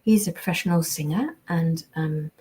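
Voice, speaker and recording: A woman's voice: deep voice, moderate pace, warm tone. A British woman, a voice actress, chatting casually on a live signing stream, reading out viewer comments and answering them. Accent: British English.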